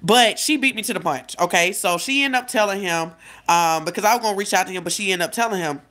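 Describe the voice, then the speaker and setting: A woman's voice: medium pitch, quick pace, fairly bright tone. A woman in her late twenties telling a personal story in casual confessional style, chatty and talking straight to her viewers, often correcting herself. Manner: chatty, addresses viewers directly, self-correcting. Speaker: life coach vlogger.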